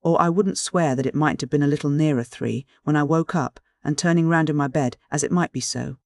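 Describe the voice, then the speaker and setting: A man's voice: on the high side, brisk, vocal fry, no room sound. A self-important older butler, puffed up and theatrical, holding forth in a lifted voice, as a male audiobook reader puts him on. The sound is dry and close, with no room around it. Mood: boastful. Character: pompous older male butler, boastful storyteller.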